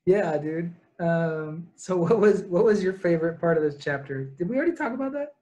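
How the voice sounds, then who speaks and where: A man's voice: sits high, animated, moderate pace, darkish tone, highs cut off. A young man in casual book-club talk, retelling a plot at length with lots of fillers and asides. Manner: rambling, detail-heavy retelling with many fillers. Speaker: podcast co-host.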